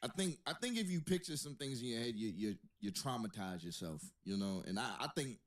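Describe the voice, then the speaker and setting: Medium in pitch, expressive and a little fast, this man is hosting a podcast. He responds to the conversation with laughter and jokes that convey disbelief.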